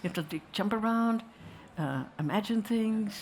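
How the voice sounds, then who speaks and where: A woman's voice: mid-range voice, animated, normal speed, a little hiss or hum. A woman telling a wry, digressive story to a festival audience and slipping into voices now and then. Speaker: filmmaker answering questions.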